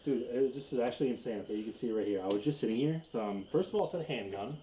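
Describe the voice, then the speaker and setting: A young man on a ghost hunt, talking in a rapid, jittery and alarmed way as he reports strange readings. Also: medium pitch, lively intonation, dark tone. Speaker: paranormal investigator. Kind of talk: casual ghost-hunting chat. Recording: echoey room with noise.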